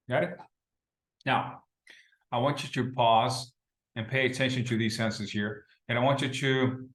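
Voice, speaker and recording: A man's voice: mid-range voice, fairly bright tone. A man from Brazil teaching an English class, explaining patiently and often checking in with the listener. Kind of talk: recorded class lesson. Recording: roomy echo.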